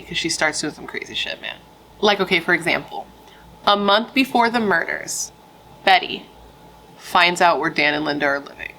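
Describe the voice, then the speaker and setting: Chatty, low-voiced woman telling true crime. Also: sharp tone, poor audio. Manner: frank and chatty, swears freely, many fillers. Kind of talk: casual true-crime storytelling.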